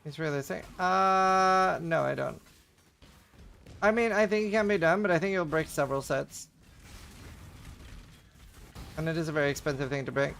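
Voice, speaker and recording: Game streamer, male, a bit high and gravelly, easygoing chat with viewers. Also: normal speed, long pauses. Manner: relaxed, chatty, answers chat between plays. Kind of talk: casual live-stream commentary.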